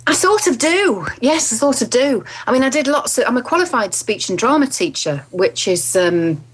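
A woman's voice: fairly high pitch, very animated, moderate pace, slightly rough. A woman from England working as a voice artist, talking in an interview in a chatty way and laughing easily. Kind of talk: interview conversation.

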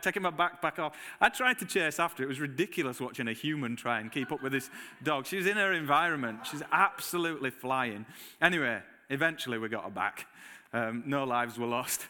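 A man preaching a sermon, telling lively personal stories and acting out his own reactions, with a Northern English accent. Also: a little high, long reverb tail. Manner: animated storytelling, acts out his own reactions. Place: church hall.

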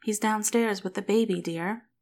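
A woman's voice: medium pitch, steady tone, normal speed, darkish tone, natural voice. A woman voicing a fierce, protective grandmother in her sixties, stern with outsiders and tender with her daughter. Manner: cold and stern, then tender.

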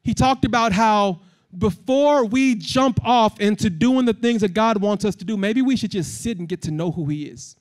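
A man preaching as a guest speaker in a church service, his voice sitting very high. He speaks directly to the congregation, leads call-and-response, and climbs into fervent shouted exhortation. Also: moderate pace. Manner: impassioned, building to shouted exhortation. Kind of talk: sermon.

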